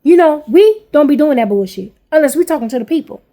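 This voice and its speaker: Woman, 40s, high-pitched, furious parent venting to camera; blunt, profane, repetitive. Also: animated, fast, warm tone. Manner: blunt, heavy swearing, repeats herself. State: angry. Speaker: parent vlogger.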